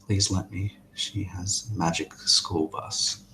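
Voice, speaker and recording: A man narrating a tabletop game as game master, hesitant and halting. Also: low voice, steady tone, pushed and bright, a little hiss or hum. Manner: hesitant, many fillers and restarts.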